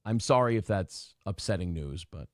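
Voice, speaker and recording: A man's voice: deep voice, animated, moderate pace, no room sound, studio quality. A man hosting a casual live talk show, rambling with apologetic asides.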